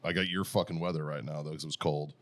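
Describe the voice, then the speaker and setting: Man, very low voice, profane, laughing storyteller, casual podcast chat. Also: steady tone, fast. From Boston area. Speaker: podcast co-host.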